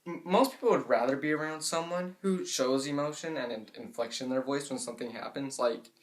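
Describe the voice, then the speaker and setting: A young man talks casually to the camera, explaining a speaking tip. His delivery leans toward a monotone, and he relaxes into fillers like "I mean" and "like" as he goes. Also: mid-range voice, brisk. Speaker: vlogger giving tips. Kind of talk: casual educational vlog.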